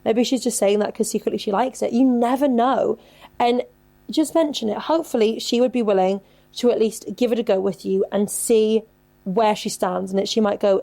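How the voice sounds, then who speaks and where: Chatty young woman with a gravelly voice. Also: on the high side, fairly even intonation, moderate pace, dark tone. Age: 20s. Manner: chatty, swears freely, says "like" a lot. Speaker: podcast host. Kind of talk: casual advice chat.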